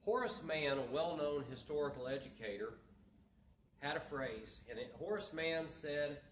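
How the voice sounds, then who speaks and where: A man's voice: on the high side, animated, measured pace, a little hiss or hum. A man giving a motivational talk, telling a story earnestly and acting out the voices of the people in it. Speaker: motivational speaker. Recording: echoey room from far off.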